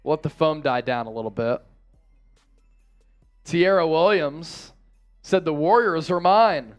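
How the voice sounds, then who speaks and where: A man hosting a live sports watch-party stream, reading out chat shout-outs and breaking down the game in casual, energetic talk. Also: fairly high pitch, unhurried, soft background music.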